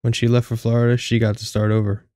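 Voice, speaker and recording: A man's voice: medium pitch, completely flat delivery, fast talker, warm tone, no echo, studio quality. A young man reading his own first-person short story aloud, with a wry, candid, casually profane manner. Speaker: audiobook narrator.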